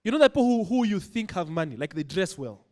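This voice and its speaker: A man's voice: high voice, big pitch swings, fast, darkish tone. A man with a Kenyan accent performing a playful stand-up routine, mixing in Swahili slang. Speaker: stand-up comedian.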